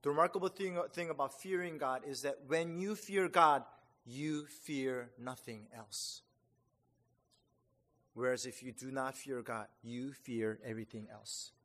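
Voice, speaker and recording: A man preaching a sermon in a conversational, animated way, with fillers and restarts, sometimes acting out his own reactions. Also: a little slow. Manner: animated, acts out reactions with rising pitch. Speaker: pastor. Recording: long hall reverb.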